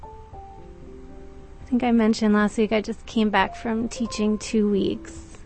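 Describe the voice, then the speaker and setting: A woman who teaches music, reading a story aloud and reflecting on it in a slow, thoughtful way with pauses. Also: mid-range voice, level tone, gravelly, a little mellow, poor audio.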